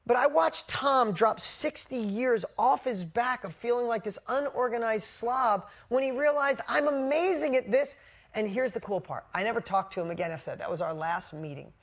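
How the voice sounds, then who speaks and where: Female coach, live motivational talk, blunt and high-energy, salty language. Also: normal speed, few pauses. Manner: energetic, blunt, swears casually. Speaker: business coach. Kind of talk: motivational storytelling to a live group.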